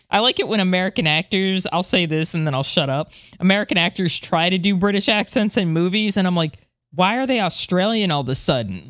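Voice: mid-range voice, no echo, studio quality. A podcast co-host chatting casually and reading space news. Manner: lively, quick laughs. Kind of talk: casual chat and read news.

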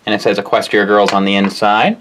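A man's voice: fairly low pitch, little pitch movement, fairly quick, fairly bright tone, slight background noise. A man co-hosting a toy review, chatting in a casual, teasing way. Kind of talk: casual chat.

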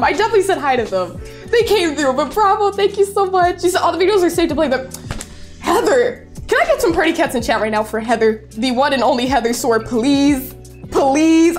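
Excitable high-voiced young woman streaming. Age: 20s. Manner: effusive and excitable, often laughing. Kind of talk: casual livestream chat, reading viewer messages aloud.

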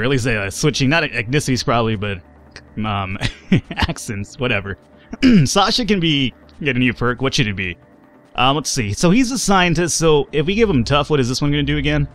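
A man with a middle-pitched voice chats casually over gameplay. He rambles, backtracks and swears offhandedly. Soft music plays faintly behind him. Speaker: let's play host.

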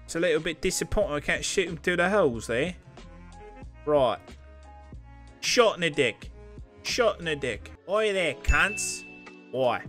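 A crude young Australian carpenter in a put-on accent, shouting profanities and whining melodramatically, as a man plays him. The voice sits well above a normal male speaking pitch. Faint music plays underneath. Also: animated, moderate pace, long pauses. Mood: rowdy, abusive. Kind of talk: gameplay role-play.

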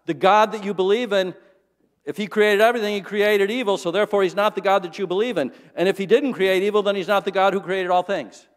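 A man's voice: sits high, fairly even intonation, fast talker, voice pushed up, natural voice. A man voicing a smug male college professor who lectures in triumph, in a church hall.

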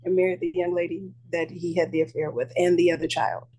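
A woman's voice: on the low side, level tone, a little fast, warm tone, breathy edge. Matter-of-fact woman client. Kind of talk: casual conversation.

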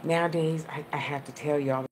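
A woman medium gives a live-streamed psychic reading from a room at home. Her voice sits low. She talks in an affectionate, rambling way and laughs often, and faint noise hums under her. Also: fairly even intonation, normal speed.

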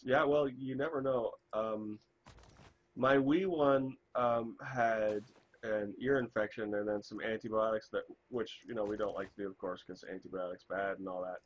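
A man streaming a game, chatting in a rambling, self-interrupting way while hoarse from a cold. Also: fairly low pitch, dull audio. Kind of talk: casual chat while gaming.

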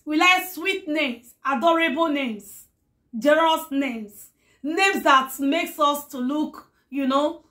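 Hoarse woman vlogger, gushing and affectionate with viewers, unhurried delivery. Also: high voice, sharp tone. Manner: effusive, affectionate, blessing her viewers; repeats words in threes. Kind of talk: casual talk to followers.

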